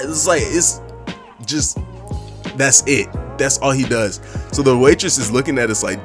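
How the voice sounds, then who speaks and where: A young adult man narrating a comedic storytime in a lively, exaggerated, slangy way, throwing in mouth sound effects. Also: medium pitch, moderate pace, faint music behind. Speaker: storytime YouTuber.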